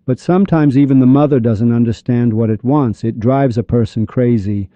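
A man with a very dark, mellow voice gives an animated lecture on mystical poetry. He repeats his points and acts out short dialogues. The recording is dull and lo-fi, with a dry, close sound. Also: medium pitch, normal speed, no room sound.

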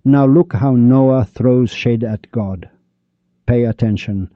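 Speaking slowly in a mid-range voice with no room sound, a religious teacher gives a dramatic, emphatic lecture on poetry and scripture. He talks straight to his audience, and the recording is dry, dull and lo-fi.

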